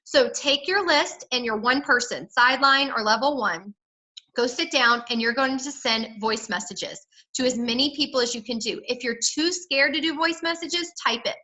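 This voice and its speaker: Bright, high-voiced woman coaching her sales team. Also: moderate pace, poor audio. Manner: upbeat, direct, peppy sales pep talk. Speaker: direct-sales team leader training her team. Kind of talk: motivational coaching on a team call.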